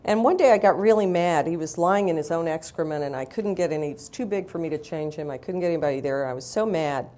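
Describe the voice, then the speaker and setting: A woman's voice: low voice, fast talker, hardly any pauses, mellow. A woman author telling candid, wry stories in a live interview, blunt and self-mocking.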